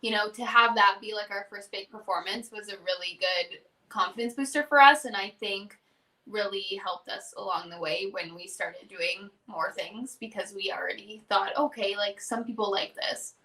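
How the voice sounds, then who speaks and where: Bright-voiced young woman. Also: mid-range voice, normal speed, far from the mic. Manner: chatty storyteller who quotes her bandmate. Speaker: country duo singer, guest. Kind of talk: casual interview chat.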